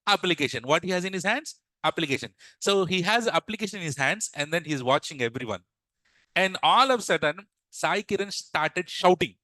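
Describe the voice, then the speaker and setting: Brief: male teacher, bright and fairly high, dry close sound, quizzes the class. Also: expressive, brisk, no room sound, rough recording. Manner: repeats questions to the class, asks "yes or no". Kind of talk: classroom lesson told as a story.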